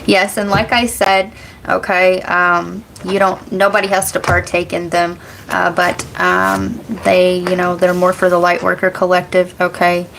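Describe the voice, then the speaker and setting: A woman's voice: fairly low pitch, flat delivery, a little slow, vocal fry, a bit bright, a little hiss or hum, poor audio. Rambling American woman reading chat on a livestream. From United States. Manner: rambling, laughs often, swears casually, reads chat aloud. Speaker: tarot reader and livestream host.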